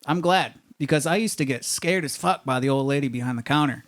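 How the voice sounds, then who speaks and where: A man works a comedy club stage with a loose, rambling stand-up set, forever checking in with the crowd. His speaking voice sits a little high for a man. He talks into a handheld stage microphone. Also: fairly quick, fairly bright tone, slight background noise. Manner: rambling, conversational, leans on "you know what I mean".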